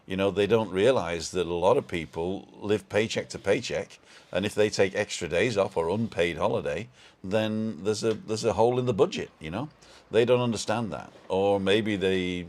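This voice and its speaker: Middle-aged man, low voice, loose live-stream host chatting to viewers from home. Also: moderate pace, a little mellow. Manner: rambling, greets viewers by name, chuckles often. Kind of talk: casual live-stream chat.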